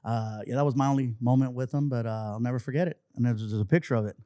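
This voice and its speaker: A man's voice: mid-range voice, fast talker, clear, resonant tone, dry recording, clean studio sound. A middle-aged man, a comedian guest, telling stories casually and acting out the people in them. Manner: animated, acts out voices in anecdotes. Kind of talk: casual storytelling.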